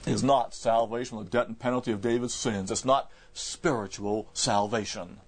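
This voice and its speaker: A man's voice: on the low side, steady tone, moderate pace. A man preaching a verse-by-verse Bible sermon in an emphatic way, repeating words and restarting phrases as he explains.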